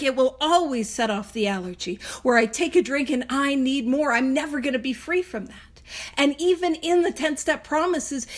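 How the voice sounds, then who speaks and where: High-voiced woman leading a casual study. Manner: chatty, laughing asides, frequent restarts. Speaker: host of a book study. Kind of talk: casual teaching, reading and explaining text. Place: in a vehicle on a video call.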